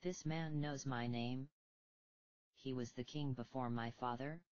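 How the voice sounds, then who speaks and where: A woman plays an exhausted young prince in a storybook, slow and halting, in her own low voice. The sound is dry and a little muffled. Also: a little mellow, no room sound. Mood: stunned. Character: young prince, shaken and strained.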